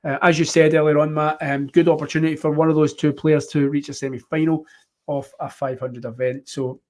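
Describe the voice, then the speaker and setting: A man's voice: a little high, little pitch movement, brisk. A man hosting a casual live-stream chat, rambling with many ums and fillers. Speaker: host.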